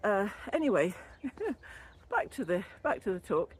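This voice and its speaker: A woman's voice: mid-range voice, sing-song, measured pace, slightly rough. An older woman chatting casually as she walks outdoors, a little out of breath, rambling and laughing easily about wellbeing. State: out of breath from walking. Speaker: wellbeing vlogger and former yoga teacher trainee. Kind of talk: casual walking vlog talk. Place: outdoors walking along a canal. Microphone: built-in camera or phone mic, no separate microphone.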